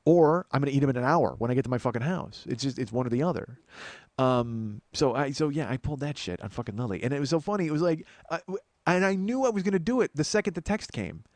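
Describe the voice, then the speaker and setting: A man's voice: mid-range voice, fast, darkish tone, no room sound. A man hosting a podcast, delivering a comedic monologue in a profane, ranting, self-mocking way and calling his listeners folks.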